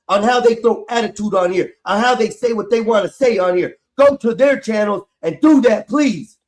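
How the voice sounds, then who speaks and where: A man's voice: sits high, normal speed, hardly any pauses, a little mellow. A man hosting a live stream panel, arguing angrily and defiantly, swearing a lot. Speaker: stream host. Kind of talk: heated argument on a live stream.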